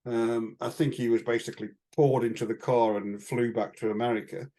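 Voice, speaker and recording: A man's voice: medium pitch, steady tone, brisk, dark tone. A man, co-hosting a podcast and recounting anecdotes in a casual, rambling way, with fillers and chuckles. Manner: chatty anecdotal storytelling with frequent fillers and chuckles. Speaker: podcast co-host. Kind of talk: casual chat.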